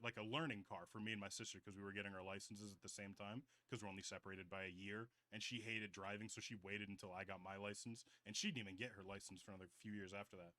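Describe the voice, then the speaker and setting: With a low-leaning voice that's bright and forceful, this man in his twenties co-hosts a podcast and tells long, meandering stories in loose chat full of "like" and swearing. There's no room sound.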